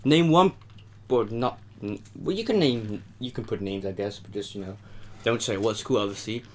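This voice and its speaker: A young man with a Dutch accent, hosting a casual eating video, rambling and joking, his voice often trailing off quietly. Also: fairly low pitch, moderate pace, slight background noise. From Netherlands. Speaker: mukbang host. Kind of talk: casual chat while eating.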